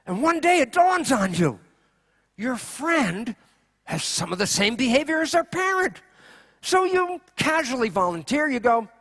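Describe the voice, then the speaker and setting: A man giving a keynote lecture, animated, asking rhetorical questions and acting out quoted voices. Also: extremely high pitch, measured pace. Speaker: conference speaker.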